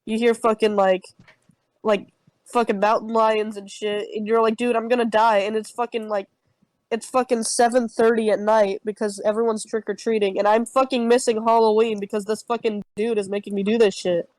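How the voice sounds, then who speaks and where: A woman's voice: mid-range voice, level tone, moderate pace, a little mellow, no echo, low-quality recording. A young woman telling an improvised comic campfire story on a podcast, rambling with heavy swearing and many fillers. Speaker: podcast co-host.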